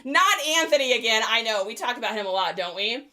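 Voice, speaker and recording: High, bright chatty woman. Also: expressive, fairly quick. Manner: chatty, playful, laughs a lot. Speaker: online reseller. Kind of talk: casual vlog.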